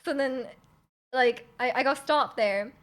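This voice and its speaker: A woman's voice: sits high, a little slow. A young woman from Canada chatting casually on her stream, rambling with lots of "like" and "um" and the odd giggle. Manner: rambling, many likes and ums, giggly. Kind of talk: casual chat.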